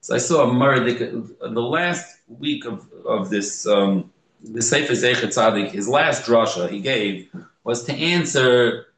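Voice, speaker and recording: A man leads a study group in a roomy, echoing space. His voice sits at an ordinary middle pitch. He tells the story with lively acted-out dialogue, stops and restarts often, and translates each quoted line as he goes. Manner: animated storyteller, acts out dialogue with jumps in pitch. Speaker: Torah class teacher.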